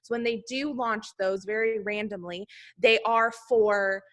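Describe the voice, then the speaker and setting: A woman's voice: medium pitch, fairly even intonation, a little slow. A woman leading her sales team, giving a talkative motivational talk full of "like" and loose asides. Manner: talkative, chatty, heavy use of "like".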